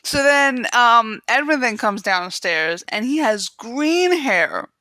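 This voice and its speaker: Bright, lively young woman chatting. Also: on the high side, slow, dry recording. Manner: giggly, animated recapping with quoted voices. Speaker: podcast co-host. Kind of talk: casual chat about a TV show.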